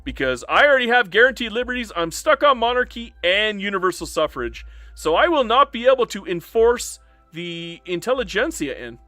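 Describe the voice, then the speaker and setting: A man live-streaming a game, his voice bright and forceful and set somewhat high. He talks in a lively, swinging way, turning from joking to earnest as he chats with his audience, a little emotional and upset. The sound is dry and close, with faint music under it. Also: moderate pace, no echo. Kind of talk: casual live-stream commentary.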